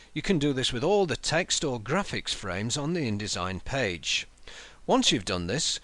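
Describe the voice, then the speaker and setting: Lively-voiced man explaining software. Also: mid-range voice, dry recording. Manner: measured, explanatory, steps through menus aloud. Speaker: software tutorial narrator. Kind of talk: screen-recorded software tutorial.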